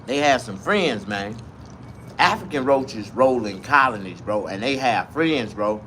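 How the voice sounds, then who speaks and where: A man telling a comic story in a profane, rambling, animated way. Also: mid-range voice, unhurried, a little hiss or hum.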